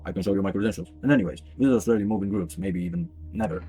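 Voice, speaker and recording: A man putting on a deadpan government agent who keeps his voice low and even. He sounds measured and reassuring, a bureaucrat doing a game's dialogue with quick delivery. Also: natural voice. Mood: calm official. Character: adult male government agent, calm and bureaucratic.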